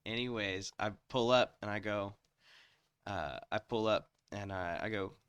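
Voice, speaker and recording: A man's voice: fairly low pitch, measured pace, a bit bright, clear, resonant tone, no echo, lo-fi sound. A man co-hosting a podcast, starting his story with hesitant restarts before playing out each voice in it. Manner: hesitant starts, then acts out every voice. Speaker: podcast co-host. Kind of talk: casual storytelling.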